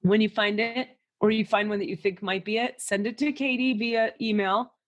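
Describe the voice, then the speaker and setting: Woman, podcast host, channeler, casual spiritual reading, animated, swears freely, acts out little voices, mid pitch. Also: normal speed, highs cut off.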